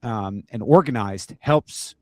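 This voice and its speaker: A man's voice: lowish voice, slow, warm tone, no echo. A man co-hosting a casual teacher podcast, chatty and self-deprecating, with lots of fillers.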